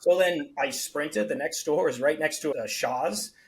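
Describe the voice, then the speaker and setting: A man's voice: on the high side, unhurried, low-quality recording. A man, a beverage company founder, telling stories on a podcast and acting out the people in them. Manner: animated storyteller, acts out quoted dialogue. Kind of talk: casual podcast storytelling.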